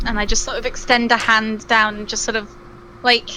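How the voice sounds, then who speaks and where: A woman playing a tabletop role-playing game, describing her character and speaking in character with many pauses and fillers. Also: on the high side, steady tone, bright, forceful tone, a little hiss or hum, rough recording. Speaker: player. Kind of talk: role-play narration and in-character talk.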